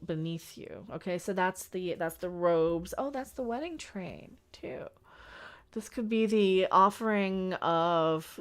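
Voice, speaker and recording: Hoarse woman musing on a live stream. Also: medium pitch. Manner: musing aloud, repeating herself, trailing off. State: voice worn out. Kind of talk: casual live stream chat. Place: Las Vegas, indoors.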